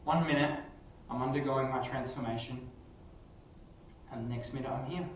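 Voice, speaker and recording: A man voicing a confused werewolf man with a wolf's head, speaking low, subdued and rushed in an echoey room. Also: steady tone, recorded from a distance, a little hiss or hum, natural voice. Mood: worried. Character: werewolf man, huge wolf-headed, confused and worried.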